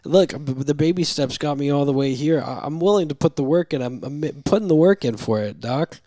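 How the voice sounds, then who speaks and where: A man's voice: fairly high pitch, brisk, mellow, no echo, voice pushed up, natural voice. A man voicing a needy, clingy male patient who stammers and pleads. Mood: pleading.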